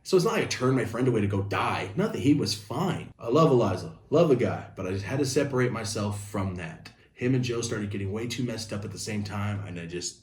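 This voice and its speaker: A young man telling a casual story-time video, animated, speaking straight to his viewers. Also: lowish voice, brisk, echoey room.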